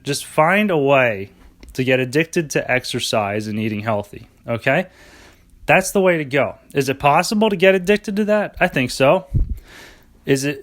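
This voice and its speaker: A man's voice: on the high side, fairly bright tone. A young man hosting a rambling solo podcast, sarcastic and self-mocking, swearing often. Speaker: podcast host.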